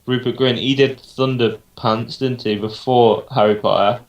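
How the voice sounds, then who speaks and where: A man's voice: mid-range voice, steady tone, unhurried. Rambling young man, roomy sound. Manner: rambling, unsure, thinks aloud with many ums. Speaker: podcast co-host. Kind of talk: casual chat. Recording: roomy home recording.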